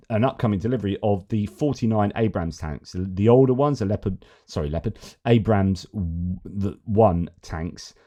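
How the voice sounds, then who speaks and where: A man's voice: on the low side, dark tone. A man hosting a news commentary show, reading out reports and adding his own musings. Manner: reads reports aloud, then muses with fillers and restarts. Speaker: host.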